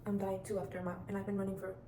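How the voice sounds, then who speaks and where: Teen girl vlogger, flat delivery, rambling and chatty, echoey room with steady background noise. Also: medium pitch, very fast. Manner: rambling, chatty, many restarts and "like" fillers. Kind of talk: casual advice vlog.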